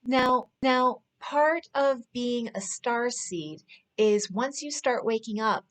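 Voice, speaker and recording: Woman talking slow and earnest, kinda high voice, personal story vibe. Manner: earnest, unhurried, with soft laughs. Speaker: spiritual speaker.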